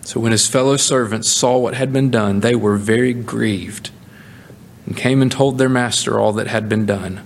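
A man preaching a sermon, animated, with emphatic rising peaks. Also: medium pitch, normal speed, creaky, slight background noise. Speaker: pastor.

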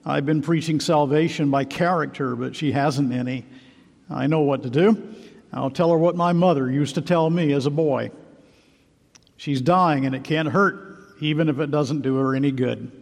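A kindly preacher in a preached story, speaking gently and slowly at a dying woman's side, as a male pastor voices him. The voice is gravelly, slightly high, and echoes in a long hall. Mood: reflective.

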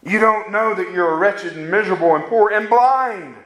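A man's voice: sits high, normal speed, a bit bright. A man preaching a fervent sermon that rises to emphatic peaks. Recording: echoey room sound.

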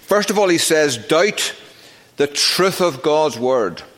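A middle-aged man preaching a sermon as pastor, emphatic, slowing down to stress key words. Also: fairly high pitch, expressive, a bit bright. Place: church sanctuary. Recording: long reverb of a church sanctuary.

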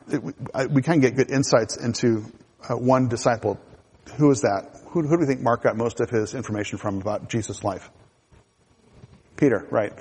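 A man's voice: mid-range voice, a little mellow, breathy edge. A man preaching a sermon in a conversational way, with asides and restarts. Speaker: pastor. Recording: hall reverb.

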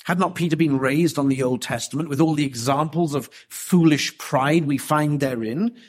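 A man preaching an expository sermon, emphatic and deliberate, with rhetorical questions. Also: a little high.

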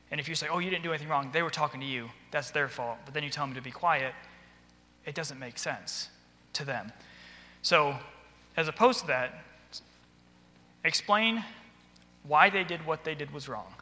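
Man, teacher running a training talk, a bit high, crisp bright voice, reverberant hall. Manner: earnest, conversational, drops to soft voice for acted quotes. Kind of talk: instructional talk with acted classroom dialogue. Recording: long echoey hall reverb.

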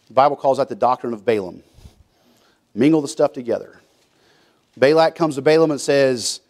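A man's voice: mid-range voice, normal speed, long pauses, darkish tone. A man preaching a folksy sermon, acting out quotes and often restarting his sentences. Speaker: pastor.

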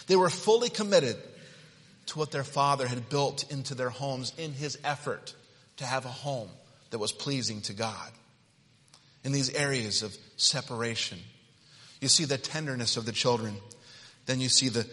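A man preaching a sermon, swinging from quiet reading to loud, shouted emphasis. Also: mid-range voice. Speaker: pastor. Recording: long hall reverb.

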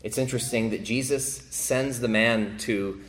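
Man preaching a sermon, mid pitch. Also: fairly even intonation, a little slow, background noise. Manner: swings between emphatic raised passages and hushed quiet ones; repeats phrases for emphasis. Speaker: pastor.

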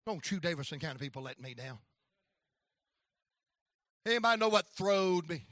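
A man preaching a folksy storytelling sermon with a North Carolina accent, rising now and then to shouts of praise. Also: high-pitched, lively intonation, normal speed, long pauses, no room sound, studio quality.

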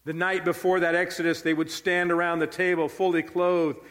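A man preaches in an earnest, emphatic way, repeating his key lines for weight. His voice sits a little high for a man. A long reverb trails behind each phrase, as in a large hall. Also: level tone, normal speed, fairly bright tone. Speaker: pastor. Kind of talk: sermon.

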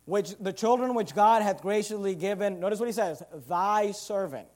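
A man's voice: high-pitched, normal speed, darkish tone. A man preaching a sermon, teaching verse by verse and acting out the characters' thoughts in quoted asides. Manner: verse-by-verse Bible teaching, urging listeners to underline words. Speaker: pastor.

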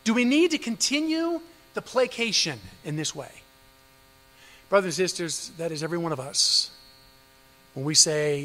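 High, bright-voiced fervent male preacher. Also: expressive, moderate pace, pauses often, in a large hall, soft background music, rough recording. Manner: fervent preaching with rhetorical questions; swings between loud emphasis and low hushed passages. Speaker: pastor. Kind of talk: sermon.

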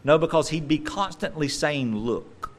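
A male preacher delivering a sermon with animated emphasis and wry, playful asides. His voice sits in an ordinary middle pitch. He swings between loud emphasis and quieter, confiding stretches. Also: a little slow.

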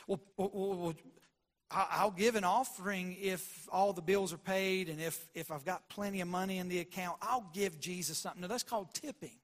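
A man preaching a sermon, swinging between loud emphatic lines and quiet murmurs, and acting out Bible dialogue. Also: moderate pace. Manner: preaching with big swings in loudness, from near-shouts to low murmurs; acts out Bible dialogue in quoted voices. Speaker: pastor.

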